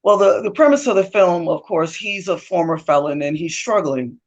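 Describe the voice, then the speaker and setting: A woman's voice: fairly low pitch, normal speed, dull audio. A woman, a guest author, talking in an interview and telling stories expressively, slipping into other people's voices. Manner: expressive, acts out quoted voices, laughs often. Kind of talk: animated storytelling in conversation.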